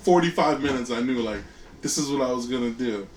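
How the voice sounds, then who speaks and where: A man co-hosting a podcast, telling a job story in relaxed casual chat with laughs. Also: medium pitch, a little fast, roomy sound, recorded from a distance, a little hiss or hum. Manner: laid-back storytelling, laughs. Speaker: podcast co-host.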